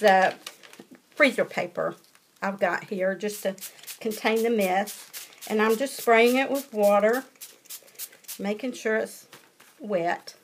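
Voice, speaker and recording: A woman's voice: mid-range voice, slight background noise. A woman with a Southern US accent hosting a casual craft tutorial, chatty, folksy and encouraging as she demonstrates.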